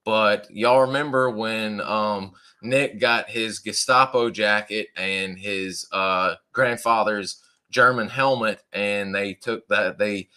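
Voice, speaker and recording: A man's voice: on the low side, fairly even intonation, slow pace, few pauses, pushed and bright, smooth. A man hosting a podcast, chatting with lots of fillers. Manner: chatty, uses fillers and southern "y'all". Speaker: podcast host. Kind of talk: casual chat.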